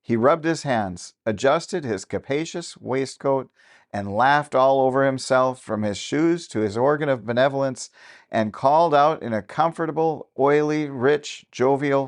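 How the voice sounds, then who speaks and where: Man narrating a classic tale. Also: medium pitch. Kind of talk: audiobook reading of a classic novel.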